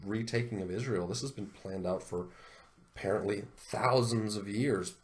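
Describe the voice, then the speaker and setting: A man hosting a video, reading scripture aloud in a solemn cadence and commenting on it in an animated, indignant way. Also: fairly low pitch, moderate pace.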